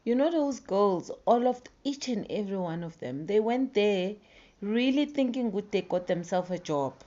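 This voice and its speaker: A South African woman giving casual commentary in a dramatic way, dropping to hushed tones and then getting emphatic. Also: mid-range voice, animated, normal speed, lo-fi sound.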